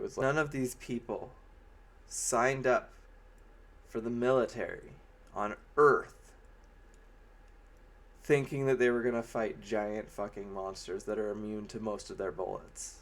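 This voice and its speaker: A man's voice: fairly low pitch, steady tone, unhurried, pauses often, a bit bright. Sarcastic rambling man reviewing a movie. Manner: sarcastic, rambling, with mocking put-on quotes. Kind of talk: casual spoken movie review.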